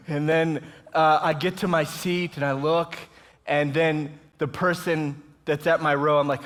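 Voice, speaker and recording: A man with a high, light voice speaks as a guest at a church service. He tells his stories in an upbeat, animated way and laughs often as he goes. He sounds like he is in his thirties. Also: moderate pace. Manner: lively storytelling with chuckles. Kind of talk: inspirational talk at a church service. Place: church auditorium, live audience.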